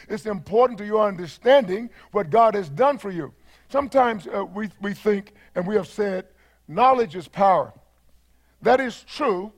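A man with a Texan accent preaching a sermon as pastor, repeating phrases and rising to fervent shouts. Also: high-pitched.

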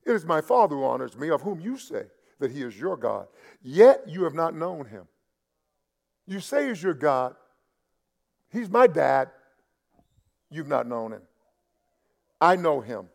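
A man pastor preaching a sermon, often restarting words and building to loud, emphatic peaks. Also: a little high, very animated, measured pace, gravelly, long pauses.

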